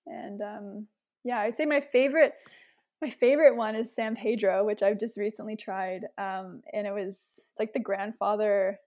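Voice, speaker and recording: A young woman telling a story as an interview guest, animated, with many fillers. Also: mid-range voice, moderate pace. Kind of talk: casual interview chat.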